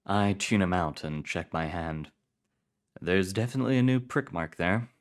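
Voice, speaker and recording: A man with a low, deep voice reading short stories aloud. His narration is calm and measured, with a low-key, unhurried delivery. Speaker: story reader. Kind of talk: scripted fiction narration.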